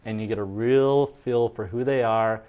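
A man's voice: lowish voice, normal speed, phone-quality sound. A man co-hosting a casual movie review talk, chatty and easygoing. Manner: relaxed, chatty, with frequent restarts and hedges.

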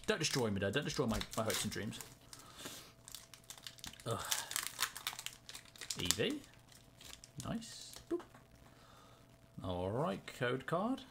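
A young man chatting casually and excitedly to himself in a card-opening vlog. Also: mid-range voice, slow pace, gravelly, pauses often, background noise. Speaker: YouTuber.

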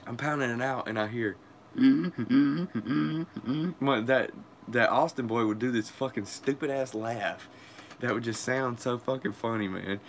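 A man's voice: medium pitch, normal speed, a bit bright, slight background noise. A young man, telling a crude, profane story in casual vlog chat and laughing often. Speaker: vlogger.

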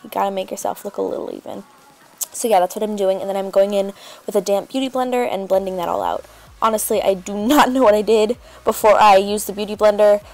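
A woman's voice: medium pitch, fast, darkish tone. A woman chatting casually as she narrates a makeup tutorial, rambling with lots of fillers. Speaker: beauty vlogger.

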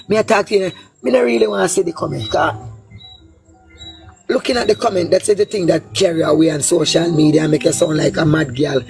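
A woman's voice: lowish voice, fast talker, darkish tone, faint music behind. A woman with a Jamaican Patois accent giving a heated, casual political rant, blunt and profane, with a lilting sing-song delivery. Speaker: political commentator.

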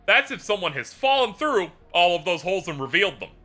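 A male livestreamer with a fairly high, very bright voice that swings up and down as he talks. He tells his gaming woes as a rambling, animated story, cursing and laughing along the way. Soft music plays underneath. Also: a little fast. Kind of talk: casual gameplay chat.

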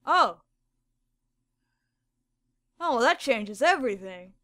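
Young woman joking around about drawing, high voice that jumps all over, sarcastic and swearing a lot. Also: slow. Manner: animated, sarcastic, swears freely, mock-amazed asides. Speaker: comedy video host. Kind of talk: casual comedic monologue.

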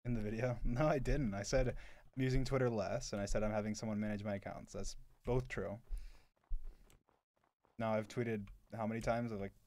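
A man's voice: lowish voice, steady tone, moderate pace, a little mellow, no echo. A young man in his twenties casually answering chat on a live stream, blunt and sarcastic, with lots of "like". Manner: blunt and offhand, heavy filler "like", sarcastic asides.

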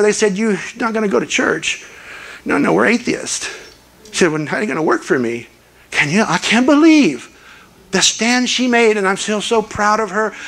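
A guest preacher, an older man whose voice sits high for a man, gives a sermon at a church. He tells stories earnestly and puts on lively voices for the people he quotes.

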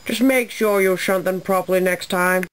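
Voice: mid-range voice, fairly even intonation, normal speed, a little hiss or hum, voice pushed up, close to an everyday voice, low-quality recording. A young narrator voicing a pompous male express steam engine who looks down on others and squawks when upset. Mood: haughty. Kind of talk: amateur storybook voice acting.

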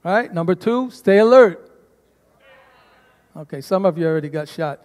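A man's voice: a little high, expressive, quick pace, darkish tone. A man preaching a sermon as pastor to his congregation, calling for responses from them. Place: church sanctuary. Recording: long church reverb.

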